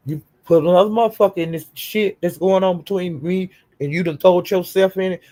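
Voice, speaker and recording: A woman's voice: low-pitched, expressive, a little fast, a little mellow. An older woman streaming to her channel, ranting in a profane, confrontational, defiant way. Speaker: YouTube streamer. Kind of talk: livestream rant.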